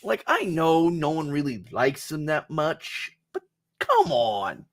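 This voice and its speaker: A man co-hosting a wrestling podcast in casual chat, excitable and often stammering through restarts. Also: on the high side, slow, dry recording, studio quality. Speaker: podcast co-host.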